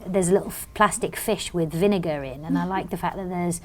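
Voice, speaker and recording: A woman's voice: on the low side, brisk, darkish tone, a little hiss or hum. Bubbly British woman telling stories. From Britain. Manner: bubbly storyteller, acts out quotes. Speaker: magazine editor. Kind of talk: casual interview chat.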